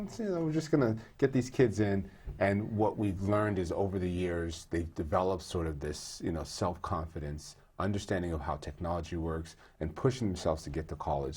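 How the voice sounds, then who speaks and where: A man's voice: deep voice, darkish tone, breathy edge. A man answering interview questions in an earnest, conversational way, telling stories with plenty of fillers and restarts. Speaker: guest, employee group co-leader.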